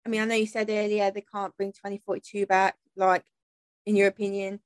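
A woman's voice: medium pitch, level tone, a little fast, clean tone, no echo. A woman co-hosting a casual gaming podcast, laughing often and swearing casually. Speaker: podcast co-host. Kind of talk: casual chat, gaming quiz.

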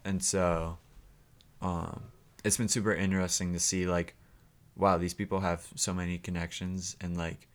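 A man's voice: sits low, moderate pace. A young man, a musician guest on a podcast, chatting casually in a loose, rambling way with lots of fillers. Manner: relaxed, filler-heavy rambling. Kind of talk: casual chat.

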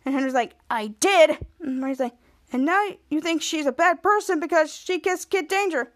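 A woman's voice: high voice, fairly quick, fairly bright tone. A woman podcast host casually recapping a TV episode, retelling each scene and raising her voice for the quoted lines.

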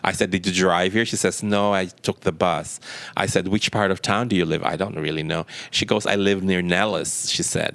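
A man's voice: sits low, normal speed, dry recording. A man being interviewed, telling a personal story and acting out the dialogue as he goes. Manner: lively retelling with quoted dialogue. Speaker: interview guest. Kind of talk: anecdotal storytelling.

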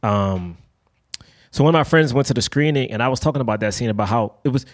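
A young man co-hosting a casual film-review podcast, talking in an emphatic, animated way with casual swearing. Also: medium pitch, fast talker. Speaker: podcast co-host.

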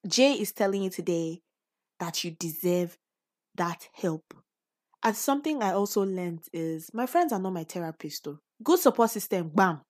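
A woman's voice: mid-range voice, darkish tone. A woman with a Nigerian accent hosting a personal podcast, speaking earnestly and encouragingly with sudden emphatic bursts. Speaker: podcast host.

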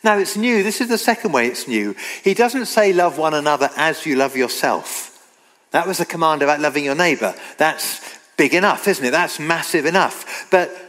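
A man preaching a sermon, earnest and emphatic, slowing down to read scripture aloud. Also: a little high, expressive, fairly bright tone. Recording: long reverb of a hall.

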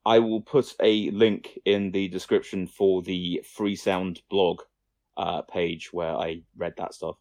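A man's voice: low-pitched, flat delivery, takes it slowly, darkish tone, no echo, studio quality. A young man co-hosting a casual film-news podcast, rambling, swearing lightly and often abandoning sentences halfway. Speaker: podcast co-host.

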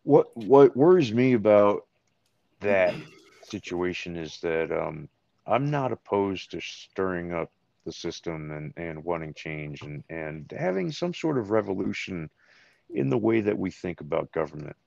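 Very deep-voiced crude American man. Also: sing-song, a little slow, creaky, a little mellow, no room sound. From United States. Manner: crude, joking, opinionated. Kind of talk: casual political chat. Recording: dull lo-fi dry recording.

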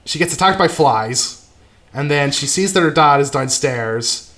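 A man casually recapping a horror film's plot, trailing off quietly and tagging "right?" onto his sentences. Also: on the high side, expressive, unhurried. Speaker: podcast co-host recapping a film. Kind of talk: casual chat.

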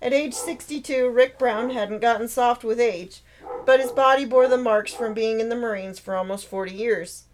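A woman author narrating her own novel in a steady, expressive read-aloud. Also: fairly high pitch, moderate pace, a little hiss or hum, rough recording. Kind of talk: storytelling narration.

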